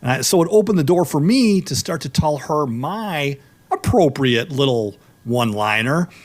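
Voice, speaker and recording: A middle-aged man hosting a law radio show, telling stories in animated casual banter. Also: fairly high pitch, moderate pace. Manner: animated storyteller, rising into exclamations.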